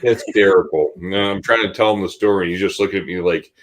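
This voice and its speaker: A man in his forties, co-hosting a podcast, telling an animated, laughing personal story in casual chat. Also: low voice, fast. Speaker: podcast co-host.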